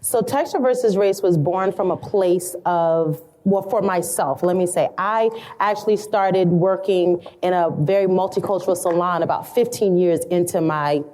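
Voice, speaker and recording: A woman's voice: on the low side, moderate pace, few pauses, dark tone. A middle-aged woman, a salon educator, speaking earnestly and reflectively as a podcast guest, building her points through repeated phrases. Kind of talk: storytelling podcast interview.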